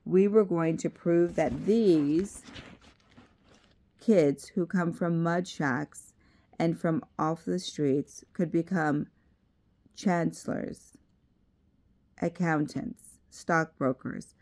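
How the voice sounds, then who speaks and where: A woman's voice: low-pitched, slow, a little mellow. A woman reading as a cheerful South African educator. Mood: earnest. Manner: upbeat and earnest.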